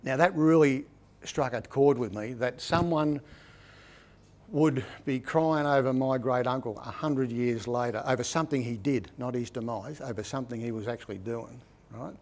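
Full of stories, a middle-aged man with an Australian accent rambles through a casual book talk, restarting often and repeatedly asking "right?". His mid-range voice is a little mellow, at normal speed.

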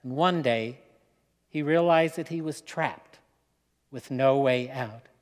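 A man preaching, telling a story in a slow, dramatic way with pauses. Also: medium pitch. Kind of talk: sermon storytelling. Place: church hall. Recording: long hall reverb.

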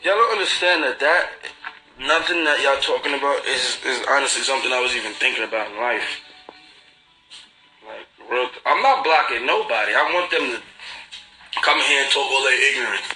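A man's voice: mid-range voice, moderate pace, pushed and bright, soft background music, rough recording. A young man with a New York accent, casually chatting and teasing commenters on a livestream. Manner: laid-back, slangy, mocking. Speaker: livestream host.

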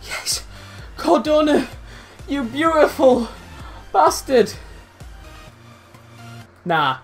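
A young man commentating his own football video game, swearing, swinging between loud outbursts and low muttering. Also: lively intonation, takes it slowly, long pauses, faint music behind. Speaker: gaming YouTuber. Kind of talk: live gameplay commentary.

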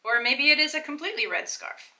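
A woman's voice: high voice, quick pace, pushed and bright, poor audio. A middle-aged woman hosting a casual try-on vlog, chatting enthusiastically as she explains and shows things to the viewer. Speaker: fashion vlogger.

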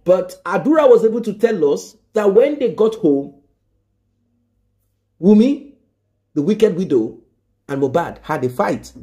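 A man's voice: sits high, expressive, a little slow, long pauses, dark tone. A man giving emphatic news commentary, stressing points by repeating them and asking rhetorical questions.

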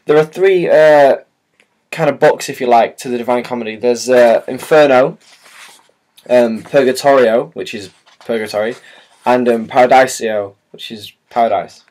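A man rambles through a casual book unboxing, stumbling over his words and filling pauses with ums and uhs. His pitch sits at an ordinary middle level for a man. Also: darkish tone. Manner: rambling, hesitant, many fillers and restarts. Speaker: vlogger.

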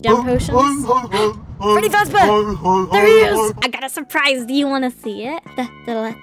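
A British woman streaming a video game, chatting excitedly, laughing and squealing often. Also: fairly high pitch, moderate pace, music in the background. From Britain. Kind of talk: gaming commentary.

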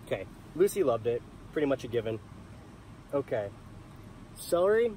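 A man's voice: mid-range voice, fairly quick, dark tone, a little hiss or hum. A young man filming a casual cooking vlog in his camper van, chatting to viewers with enthusiasm. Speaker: van life vlogger.

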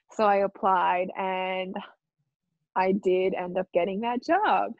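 A woman's voice: medium pitch, measured pace, no echo, dull audio. A young woman guest on a podcast, telling a rambling, self-deprecating story in casual chat. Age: young adult.

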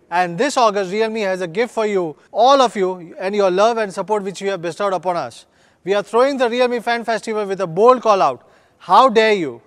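Man, company executive, scripted keynote, earnest promotional tone, high voice. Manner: earnest, upbeat, promotional delivery. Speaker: company executive presenting a product launch.

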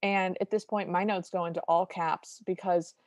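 A woman's voice: lowish voice, steady tone, moderate pace, no room sound. A woman co-hosting a podcast, recapping a cartoon in a wry, detailed, opinionated way. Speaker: podcast co-host. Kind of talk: casual chat recapping a film.

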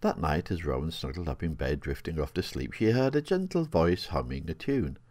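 An older man reading his own children's story aloud in a gentle, expressive way. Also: a bass voice, moderate pace, no room sound.

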